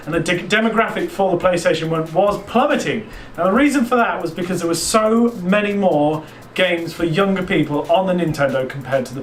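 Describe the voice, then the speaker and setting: Man, game channel host, jokey voice-over narration, high-pitched, roomy echo. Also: slight background noise. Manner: chatty, jokey storytelling.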